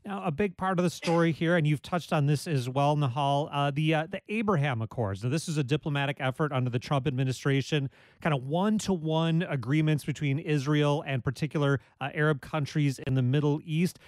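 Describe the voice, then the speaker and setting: A man hosting a public radio call-in show, asking questions and giving the phone number in a measured, steady way. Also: on the high side, no room sound. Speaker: radio talk show host.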